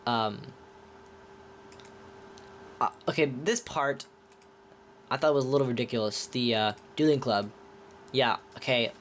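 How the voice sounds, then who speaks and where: A man reviewing films in a loose, chatty way, often stopping to restart his sentences. His voice sits at an ordinary mid pitch, and he sounds enthusiastic about what he describes. A faint hiss runs under the recording. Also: measured pace, pauses often, fairly bright tone. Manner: rambling, with many restarts. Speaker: film reviewer. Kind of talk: casual movie review.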